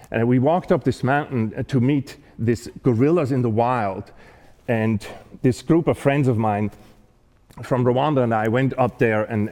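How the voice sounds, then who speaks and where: Man, mellow warm voice, earnest storytelling talk, restarts often, reverberant hall. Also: mid-range voice. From not American-born. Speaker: speaker giving a talk.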